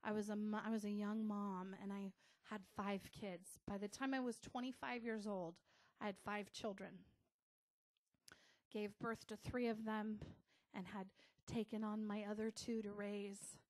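A middle-aged American woman pastor giving a casual, conversational sermon with soft asides. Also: mid-range voice, flat delivery, a little slow.

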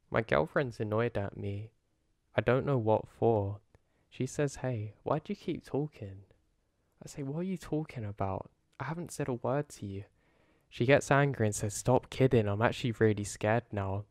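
A man tells a first-person horror story in an earnest, steady manner. His voice sits on the low side. The recording is close and completely dry, with no room sound. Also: no room sound.

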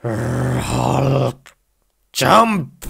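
A man's voice: mid-range voice, expressive, very slow, creaky, a bit bright, husky, exaggerated voice. Man doing a grunting brute called Hulk. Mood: angry. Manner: simple broken English, grunting exclamations. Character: raging brute calling himself Hulk.

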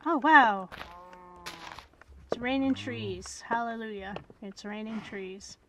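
A woman giving gameplay commentary, muttering and whispering to herself and scolding the animals in loud bursts. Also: a little high, takes it slowly, slight background noise. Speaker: gamer.

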